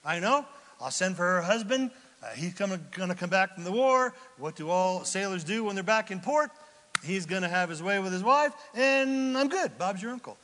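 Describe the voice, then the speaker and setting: A man's voice: sits high, expressive, normal speed, bright, forceful tone, big-room sound, slight background noise. A man voicing an indignant, hot-tempered biblical king who talks in modern slang. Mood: scheming. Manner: outraged, then scheming, in modern slang.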